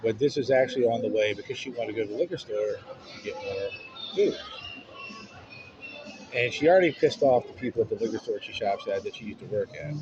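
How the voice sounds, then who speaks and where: A man's voice: lowish voice, fairly quick, music in the background. Blunt, foul-mouthed man telling a story. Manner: frank, profanity-laced. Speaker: vlogger. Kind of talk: casual storytelling. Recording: muffled, noisy street sound.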